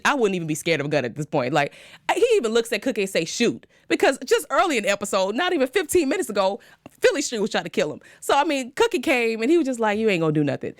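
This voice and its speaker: Young woman host for a casual TV recap, pitch jumping all over, dry close sound, animated and talkative. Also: dry recording. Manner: animated, dramatic, laughs often, talks straight to viewers.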